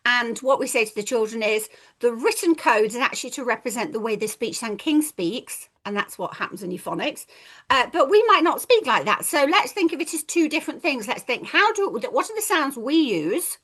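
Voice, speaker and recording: A woman's voice: high voice, a bit bright. A woman, a reading teacher, giving a chatty, playful training talk and acting out children's voices. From England.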